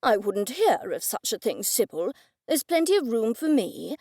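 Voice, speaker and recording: A woman voicing a stubborn, pompous older gentleman in an audiobook, with fussy, proper, old-fashioned phrasing. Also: a little high, big pitch swings, normal speed, husky, no echo, studio quality, heavily acted. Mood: insistent. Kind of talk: audiobook character voice.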